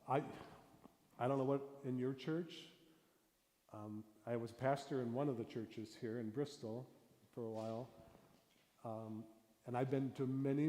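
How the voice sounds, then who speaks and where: A man who is a pastor leads a hands-on storytelling workshop, talking casually and then slipping into whispered, suspenseful story openings. His voice is mellow and dark. It echoes through a large hall with a long reverb tail. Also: medium pitch. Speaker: pastor teaching a storytelling class. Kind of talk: interactive workshop lesson. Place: church hall.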